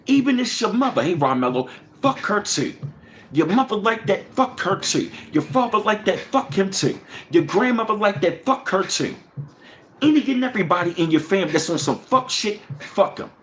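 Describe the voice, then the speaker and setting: A man hosting a livestream, ranting angrily and profanely with lots of repetition, swinging between loud bursts and low mutters. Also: very animated, normal speed, a little hiss or hum. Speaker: livestream host.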